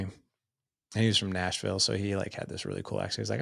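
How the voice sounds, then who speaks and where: Gravelly middle-aged man, earnest guest. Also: on the low side, flat delivery, fairly quick, fairly bright tone, no room sound, studio quality. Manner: earnest, loose and conversational with frequent "like" fillers. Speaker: podcast guest. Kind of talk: casual storytelling in an interview.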